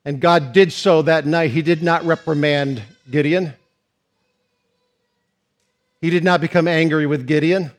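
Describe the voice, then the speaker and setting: A man preaching a sermon to a congregation, swinging from near-shouted passages to quiet, hushed ones. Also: fairly high pitch, fairly even intonation, unhurried, long pauses. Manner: dynamic preaching, rising to shouts and dropping to hushed tones. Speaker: pastor.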